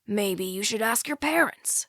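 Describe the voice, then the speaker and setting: A woman's voice: mid-range voice, animated, a little slow, fairly bright tone, no room sound, studio quality. A woman voicing a middle-aged male small-town sheriff who speaks in a suspicious, insinuating way, in an audiobook.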